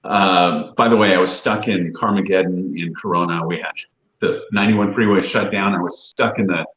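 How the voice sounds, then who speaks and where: A man co-hosting a casual livestream, telling rambling, animated stories. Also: sits low, normal speed, echoey room, dull audio. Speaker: real estate agent and livestream co-host.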